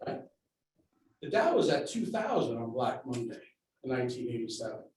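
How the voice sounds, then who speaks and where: A man giving a measured public comment at a school board meeting, laying out facts and figures. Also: mid-range voice, sing-song, a little mellow. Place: large meeting room. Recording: very echoey room, distant mic, faint noise.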